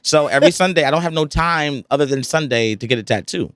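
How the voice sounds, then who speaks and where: A man's voice: a little high, fast talker, fairly bright tone, smooth, no room sound, studio quality. A young man, a podcast guest chatting casually in a laid-back, slangy, rambling way. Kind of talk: casual chat. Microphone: studio podcast mic.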